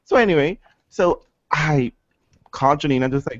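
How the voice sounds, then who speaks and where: A man's voice: on the high side, animated, normal speed, dry recording, highs cut off. A man co-hosting a podcast, chatting casually and telling stories with playful, dramatic asides. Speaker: podcast co-host. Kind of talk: casual chat.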